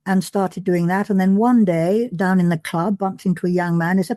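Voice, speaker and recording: A woman's voice: lowish voice, fairly even intonation, moderate pace, few pauses, warm tone, dry recording. An older woman, a podcast guest, chatting and telling stories about her past work in a well-spoken way, with many restarts and ums. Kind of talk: casual reminiscing conversation.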